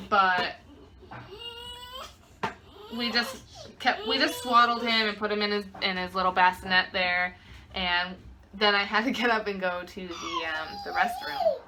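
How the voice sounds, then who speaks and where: A woman's voice: medium pitch, noisy background. A young woman vlogger casually recounting a personal story, chatty and full of fillers.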